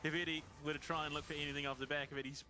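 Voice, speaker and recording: A man giving color commentary on an esports match, quick and analytic. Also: fairly high pitch, little pitch movement, bright, forceful tone. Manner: quick analytic, rising to hype on big plays. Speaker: esports caster.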